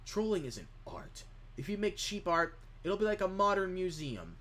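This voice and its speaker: A man's voice: high voice, huge pitch swings, moderate pace, a bit bright. A man streaming live, chatting casually in a rambling way as he reads chat questions aloud and answers them.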